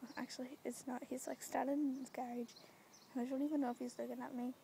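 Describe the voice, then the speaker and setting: A woman's voice: sits high, flat delivery, fast, creaky, a little hiss or hum. Self-conscious girl murmuring into her phone outdoors. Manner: quiet, self-conscious, rambling, often drops to a whisper. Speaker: vlogger. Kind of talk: casual vlog to phone. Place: outdoors in public, residential street. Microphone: phone camera.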